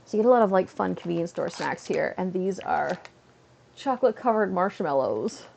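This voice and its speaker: A woman's voice: on the low side, expressive, fairly quick, vocal fry, darkish tone, slight background noise. A woman from Canada chatting casually on a livestream at home, rambling with lots of "like" fillers. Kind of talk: casual chat. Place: at home, seated on a beanbag.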